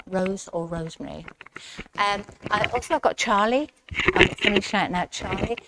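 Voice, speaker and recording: A woman giving a chatty mediumship demonstration in a village hall, speaking straight to one member of the audience. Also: fairly low pitch. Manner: chatty, speaks straight to the recipient, relays messages. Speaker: spiritualist medium. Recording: loud background noise in a hall.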